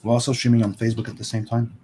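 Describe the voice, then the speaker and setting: A man's voice: medium pitch, completely flat delivery, racing, noisy background. A man hosting a livestream, chatting casually and rambling with many fillers. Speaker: stream host. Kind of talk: casual chat.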